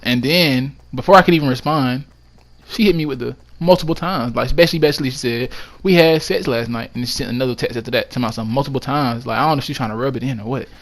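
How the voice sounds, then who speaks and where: Fast-talking man telling a storytime. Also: mid-range voice. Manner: emphatic, excitable retelling with frequent swearing. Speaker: vlogger. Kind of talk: casual storytime monologue.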